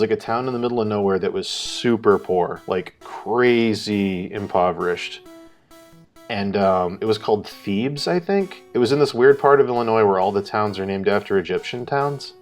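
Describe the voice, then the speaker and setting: A man co-hosting a live art stream, telling a rambling story in casual chat, swearing and acting out what people said. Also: on the low side. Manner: rambling, swears, acts out quotes loudly.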